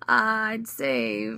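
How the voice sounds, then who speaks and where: A woman's voice: fairly high pitch, creaky, sharp tone. A woman in her thirties chatting casually as a vlogger, answering viewer questions with a giggly, rambling manner full of fillers and restarts. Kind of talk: casual chat.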